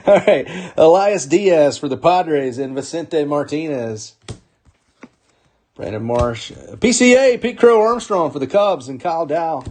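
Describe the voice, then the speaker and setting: A man's voice: a little high, wildly swooping pitch, a little mellow, a little hiss or hum. Upbeat man calling out card pulls. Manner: upbeat, calls out names in quick bursts, chuckles often. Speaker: sports card break host. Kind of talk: live card-opening commentary.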